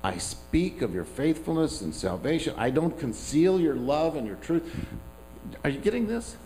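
A man's voice: a little high, sing-song, normal speed, mellow, slight background noise, rough recording. A man preaching a sermon as pastor, talking in a conversational, self-deprecating way with asides to the congregation.

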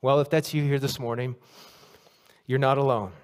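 A man preaching a sermon in a church, telling a story and acting out the quotes with lively swings. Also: mid-range voice, moderate pace. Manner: storytelling, animated, acts out quotes. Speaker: pastor. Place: church sanctuary. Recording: long reverb of a church hall.

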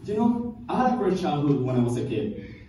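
A young man from Cuba doing a stand-up comedy routine, telling stories with deadpan punchlines and chuckling at his own jokes. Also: fairly high pitch, brisk, a little hiss or hum. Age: young adult. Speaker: student comedian. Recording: echoey room from far off, faint ambience.

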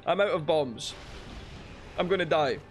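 A man giving let's play commentary, swearing and shouting frustrated outbursts at the game. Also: high-pitched. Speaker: gaming YouTuber.

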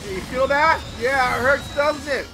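A young man giving excitable, swear-filled commentary while playing a video game. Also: very high-pitched, measured pace, heavy background noise. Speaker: let's play gamer. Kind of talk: live gameplay commentary. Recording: loud game music behind voice. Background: game music.

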